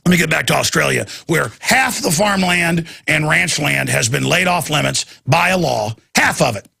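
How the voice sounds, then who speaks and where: Man, radio talk host, heated rant, repeats words, husky, forceful. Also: fairly high pitch, animated, moderate pace. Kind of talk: ranting radio monologue.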